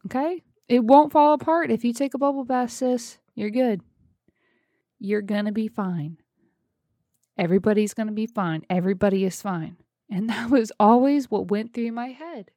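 A woman's voice: fairly high pitch, a little mellow, no echo, clean studio sound. A woman in her thirties talking casually and encouragingly, speaking straight to her listeners. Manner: chatty, encouraging, addresses listeners directly. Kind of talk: casual self-care talk.

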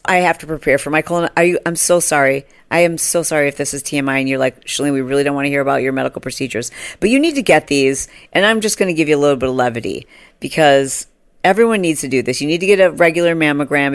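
A woman in her forties hosting a podcast, telling a funny story in a casual way and acting out other people in a high voice, with laughs along the way. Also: expressive, quick pace, no room sound, clean studio sound. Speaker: podcast host.

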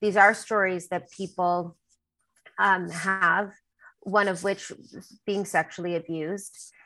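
A woman with a bright, clear-toned voice speaks as a singer-songwriter guest in an interview. She talks candidly and emotionally. She rambles, full of fillers and restarts. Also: lowish voice, steady tone, slow pace, poor audio.

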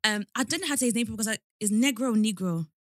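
Bright, chatty woman. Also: a little high, rapid-fire, dry recording, clean studio sound. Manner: chatty, filler-heavy retelling. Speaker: podcast co-host. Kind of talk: casual chat.

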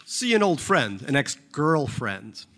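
A man's voice: very animated, takes it slowly, fairly bright tone, full character voice. A man reading a novel aloud, voicing a boastful, self-pitying middle-aged financier with a whiny, indignant delivery. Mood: wheedling. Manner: whiny and indignant, pitch jumping high.

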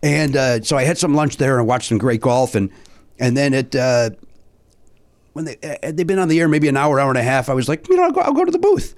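A man's voice: mid-range voice, fairly quick. A middle-aged man chatting as a podcast guest, telling a story with lots of fillers and restarts. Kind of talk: casual chat, telling a story.

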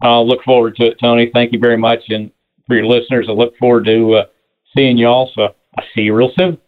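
A man's voice: mid-range voice, flat delivery, fast talker, narrow, tinny audio. A man speaking as an interview guest over a video call, friendly and enthusiastic. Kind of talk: casual interview chat. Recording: thin call audio from off-mic.

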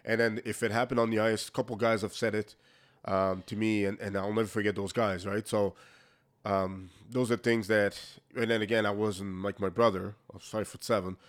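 A former hockey player from Quebec, Canada, appears as a guest in a casual interview, telling candid hockey stories. His voice is fairly low and level, a little fast, and he often restarts sentences and acts out quoted exchanges.

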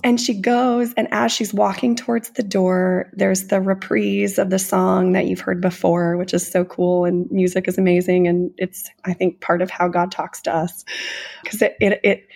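Gravelly, husky woman retelling a film. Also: medium pitch, little pitch movement, normal speed, darkish tone. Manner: earnest, emotional storyteller who gushes. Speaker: podcast co-host. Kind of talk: casual conversation retelling a film.

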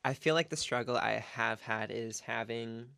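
A young woman chatting casually as a podcast guest, rambling and relaxed with plenty of fillers. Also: a bass voice, moderate pace, creaky, no room sound, studio quality. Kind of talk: casual chat.

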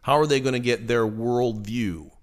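A man's voice: medium pitch, normal speed. Man explaining with easy laughs. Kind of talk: casual talk show discussion.

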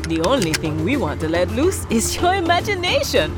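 A woman hosting and narrating folktales for young children in an animated, sing-song storybook manner. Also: mid-range voice, normal speed, few pauses, loud music behind the voice.

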